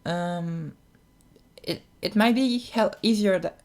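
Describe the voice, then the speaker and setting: A young adult giving a casual voice-training tutorial in a feminine voice, soft-spoken and hesitant, full of restarts and fillers. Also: mid-range voice, slow.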